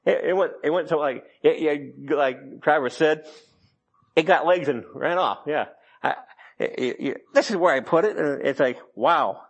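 Middle-aged male preacher, husky voice pitched a bit high, folksy and rambling sermon delivery. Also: moderate pace.

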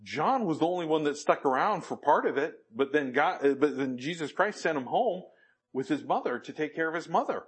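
A man's voice: fairly high pitch, animated, brisk, husky. A man preaching a sermon, quoting scripture and asking the congregation questions with emphatic delivery. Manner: asks the audience questions, emphatic.

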